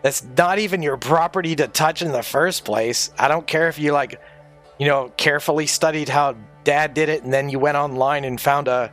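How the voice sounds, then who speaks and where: A man's voice: a little high, moderate pace, fairly bright tone, soft background music. A man rambling through a casual livestream monologue, conspiratorial and heavy on swearing.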